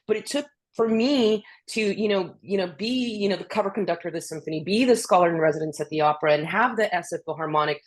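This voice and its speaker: Lively low-voiced woman telling stories. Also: fast, few pauses. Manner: animated, peppered with "you know" and restarts. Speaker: guest speaker, orchestra conductor. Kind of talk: casual storytelling on a video webinar.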